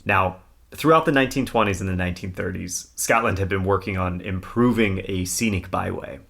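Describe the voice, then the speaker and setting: Gravelly low-voiced man hosting a podcast. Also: a little fast, fairly bright tone. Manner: laughs often, reads newspaper text aloud. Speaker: podcast co-host. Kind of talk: casual storytelling chat.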